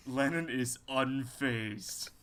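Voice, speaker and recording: A man's voice: medium pitch, drawn-out words, heavy background noise. A man playing in a tabletop game, dry and laconic. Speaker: player.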